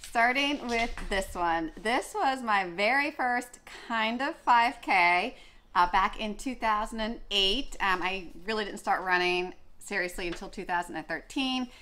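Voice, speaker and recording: A woman's voice: mid-range voice, bright, forceful tone. A young woman vlogging in a casual, chatty way, gushing, with many fillers and restarts. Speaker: running vlogger. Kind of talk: casual chat.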